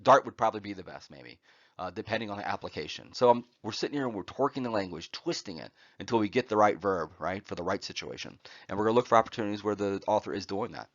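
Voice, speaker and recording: Male lecturer, lowish voice, teaching poetry terms over slides; filler-heavy, asks "right?" often, dead-dry sound. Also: animated, fast, dry recording, highs cut off. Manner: frequent "uh" fillers and "right?" check-ins.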